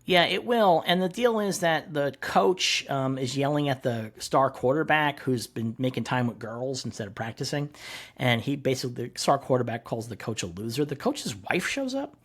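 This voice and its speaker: A man co-hosting a casual comic-book podcast. His voice is slightly husky and swings widely in pitch as he retells scenes. He swears freely and acts out the characters' quotes. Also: expressive, normal speed, fairly bright tone. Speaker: podcast co-host.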